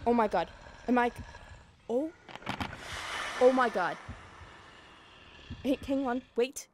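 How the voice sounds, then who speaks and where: A young woman streaming a VR horror game, jumpy and quick to yelp and swear at each scare. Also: fairly high pitch, noisy background. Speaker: VTuber streamer. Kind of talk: horror game livestream commentary. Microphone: headset in VR.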